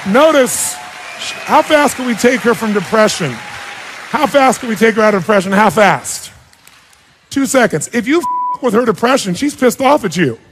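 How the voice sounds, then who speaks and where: A man coaching a participant on stage at a live seminar, firing rapid, blunt and sometimes profane questions at her and the crowd. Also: high-pitched, lively intonation, noisy background. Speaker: self-help speaker coaching a participant on stage. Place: large auditorium. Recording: long reverb of a big hall.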